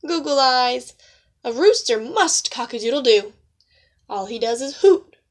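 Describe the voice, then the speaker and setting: A flock of shrill, fussy farmyard hens, voiced by a woman in a picture book read-aloud, squawking high and loud. Their voices jump about, brash and excitable. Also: unhurried. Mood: mocking.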